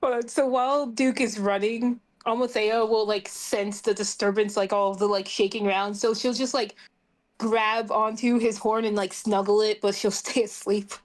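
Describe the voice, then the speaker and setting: A woman's voice: mid-range voice, steady tone, normal speed. A woman player describing her character's actions in a tabletop game, giggling and filling her talk with "like". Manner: giggly, full of "like" fillers.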